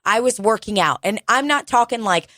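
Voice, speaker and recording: A woman's voice: mid-range voice, expressive, sharp tone, dry recording, studio quality. A young woman co-hosting a podcast, talking candidly and swearing in casual chat. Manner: candid, swearing, talks fast when quoting herself. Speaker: podcast co-host.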